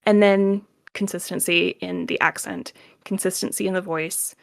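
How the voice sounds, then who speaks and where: A woman's voice: fairly low pitch, steady tone, normal speed, gravelly. A woman voice actor chatting casually as a guest in an interview, laughing often and filling her talk with "like".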